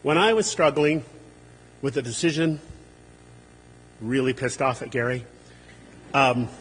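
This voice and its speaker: At a memorial service, a man delivers a humorous, anecdotal eulogy for a friend and colleague, growing animated as he acts out what people said. His voice is fairly high and husky, trailed by a long reverb.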